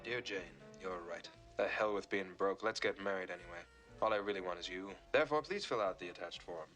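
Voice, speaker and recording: A man's voice: low-pitched, a little fast. A man in a spoof comedy film with an earnest, plaintive manner. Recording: film soundtrack with music.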